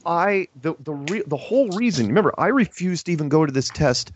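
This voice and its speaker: A man chatting casually, telling an animated story that is full of restarts and quoted lines. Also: fairly high pitch, a little fast, slight background noise. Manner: animated storytelling, quoting others, many restarts. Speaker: podcast host. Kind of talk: casual chat. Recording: dull lo-fi audio.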